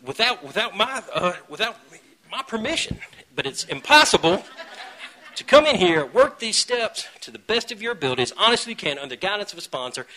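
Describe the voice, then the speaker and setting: A man sharing his own story at a recovery meeting. He talks earnestly, pokes fun at himself and now and then breaks into loud bursts. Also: a little high, low-quality recording. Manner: earnest, self-mocking humor with sudden loud bursts. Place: meeting room.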